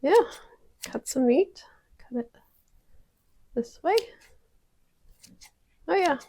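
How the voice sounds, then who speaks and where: A woman's voice: high voice, animated, drawn-out words, mellow. A woman casually testing kitchen gadgets at home, chatty and prone to dramatic exclamations. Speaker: product-testing vlogger. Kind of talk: casual kitchen product review.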